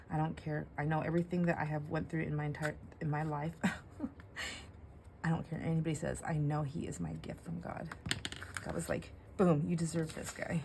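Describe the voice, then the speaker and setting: A middle-aged woman with a low-pitched voice talks casually while crafting. She rambles and thinks aloud, full of fillers and asides. A faint room ambience sits behind her. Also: vocal fry, dark tone, slight background noise. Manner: rambling, self-talk with fillers and laughs. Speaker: craft vlogger.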